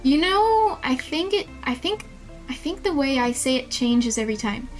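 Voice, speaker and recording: With faint music in the background, a young woman livestreaming a game chats playfully with viewers, giggly and often flustered into laughter. Her voice is high-pitched and sing-song, at a moderate pace.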